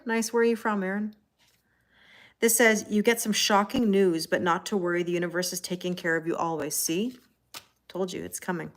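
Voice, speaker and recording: This is a woman with a mid-range voice and a little hiss or hum in the audio. She's a Canadian tarot reader with a Canadian accent doing a casual live-stream reading, chatty, laughing often, and answering what viewers write.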